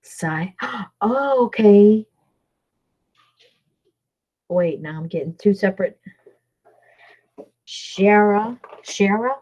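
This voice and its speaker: A livestream host from Louisiana with a Southern accent chats casually with her viewers, rambling and reading their names aloud. Her voice is medium-pitched with a darkish tone, slow with long pauses, and the audio quality is poor.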